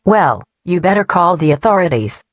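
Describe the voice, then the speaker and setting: Woman voicing a firm hospital staffer, composed and guarded, lower voice, amateur audio drama. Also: very animated, normal speed, a little hiss or hum.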